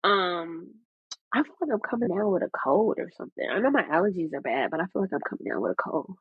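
Woman cohost talking real openly, husky voice, kinda muffled lo-fi recording. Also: on the low side, animated, quick pace, no echo. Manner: candid, heartfelt storytelling with filler words. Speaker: podcast co-host. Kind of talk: casual podcast chat.

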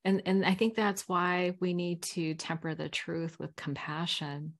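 A middle-aged woman with a slightly low voice chats on a podcast as a recovery coach. She is frank and animated and laughs easily. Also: unhurried. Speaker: guest, recovery coach and speaker. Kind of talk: casual chat on a podcast.

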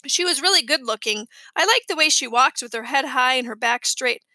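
A woman narrating a children's audiobook in a clear, even storytelling manner. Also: sits high, fairly quick, no echo. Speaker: audiobook reader.

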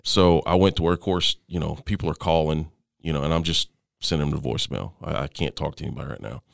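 Middle-aged man as interview guest, smooth resonant low voice, dry close sound, halting delivery with restarts. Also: dry recording. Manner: halting, with frequent restarts and fillers. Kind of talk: personal storytelling in conversation.

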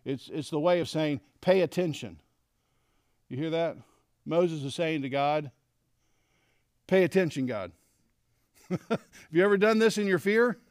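A middle-aged man teaching a Bible lesson to men, animated and acting out quoted lines. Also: fairly high pitch, measured pace, pauses often, no room sound, studio quality. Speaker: men's leadership teacher.

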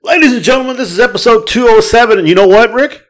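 A man's voice: very high voice, fast talker, fairly bright tone. A man co-hosting a podcast in casual chat, ranting with heavy profanity. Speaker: podcast co-host.

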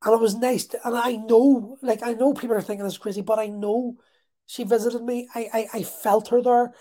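Warm-voiced man telling an emotional story. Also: extremely high pitch, fairly even intonation. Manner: emotional, halting, repeats words. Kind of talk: personal storytelling.

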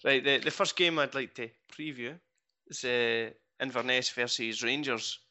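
Hosting a football podcast, a modest, self-deprecating man chats casually and reads a fan's poem aloud. His mid-range voice is steady, pushed and bright, at a normal speed, captured in dull lo-fi podcast audio.

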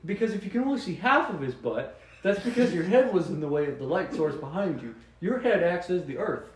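A man co-hosting a podcast, rambling through absurd mock explanations in a deadpan way and laughing at his own jokes. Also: high-pitched, brisk, echoey room, a little hiss or hum, poor audio. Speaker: podcast co-host. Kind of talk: joking casual chat.

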